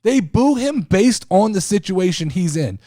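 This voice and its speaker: A man hosting a casual wrestling talk show, speaking in an animated, profane way. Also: high-pitched, measured pace, no room sound, studio quality. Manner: animated, profane, mimics people he talks about. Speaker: podcast host.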